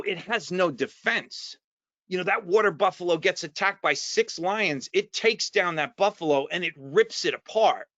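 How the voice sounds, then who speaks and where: A man with a New Jersey accent giving an earnest, halting personal share at an online recovery meeting, full of restarts and fillers. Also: a little high, creaky, a bit bright, no echo. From New Jersey, USA. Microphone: video call mic. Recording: dull, lo-fi dry online call audio.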